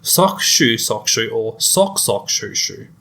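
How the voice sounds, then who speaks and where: A man's voice: lowish voice, big pitch swings, slow pace, gravelly, sharp tone. A man co-hosting a casual podcast, chatty and laughing between his remarks as he reads out poll questions. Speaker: podcast co-host. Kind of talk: casual chat.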